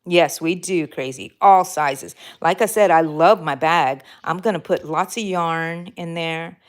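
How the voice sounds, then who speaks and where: Crocheting live on stream, a low-voiced woman speaks at a measured pace as she responds to comments from viewers. Her chat is casual and rambling, with fillers and self-corrections.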